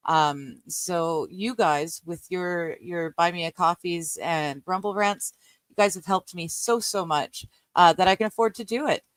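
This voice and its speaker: A woman's voice: on the low side, measured pace, no echo. Middle-aged Canadian woman, streamer chatting with viewers, rambling and giggly, lots of ums, dry close-mic sound. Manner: chatty and rambling, laughs often, many ums. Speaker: live-stream host reading a book aloud. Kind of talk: casual live-stream chat with viewers.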